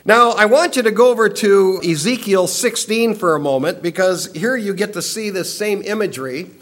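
A middle-aged man with a notably high-pitched voice, preaching an expository sermon. He explains the text verse by verse and briefly acts out the quoted lines. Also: moderate pace, a bit bright. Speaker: pastor.

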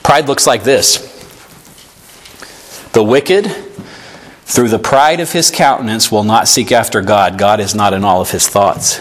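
A man's voice: fairly low pitch, a little slow, long pauses, slight background noise. A male pastor preaching an earnest sermon to his church and reading scripture aloud. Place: church sanctuary.

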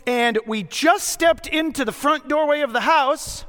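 A middle-aged man preaching a sermon as a pastor, telling stories in a conversational way with dramatic pauses. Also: very high-pitched, a bit bright. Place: church sanctuary. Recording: long hall reverb.

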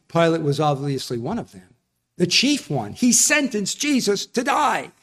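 A male preacher delivering a sermon, earnest and emphatic. His voice sits a little higher than most men's. He explains each point with steady conviction. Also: unhurried.

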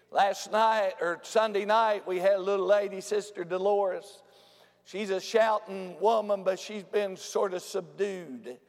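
A man with a notably high voice delivers a revival sermon. He moves between quiet, close storytelling and sudden shouted bursts. His words trail into a long, echoing reverb that fills a large sanctuary. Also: creaky. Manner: swings from hushed storytelling to shouted, high-pitched exclamations. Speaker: preacher.

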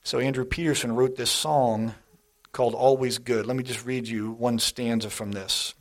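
A man's voice: mid-range voice, steady tone, normal speed. Man preaching a conversational sermon. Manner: conversational storytelling, addresses the congregation directly.

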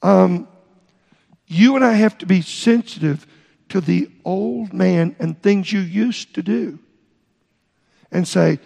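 A middle-aged man preaching a sermon in a church, halting and repeating words as he explains Greek terms. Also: high-pitched, warm tone. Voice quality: gravelly. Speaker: pastor. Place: church sanctuary. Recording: long reverb in a large hall.

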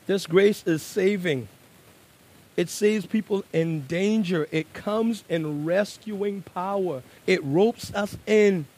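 A man delivers a sermon, sinking into a quiet, low tone before rising into loud, forceful bursts and drawing out the key words.

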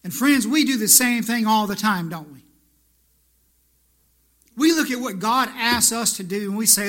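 A man preaching to his congregation in a church, with a high-pitched voice. His tone is bright and ringing. He talks like he is chatting with friends, then presses his point with emphatic, repeated phrases. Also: moderate pace, long pauses. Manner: conversational preaching, rising to emphatic repetition. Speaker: pastor. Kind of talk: sermon.

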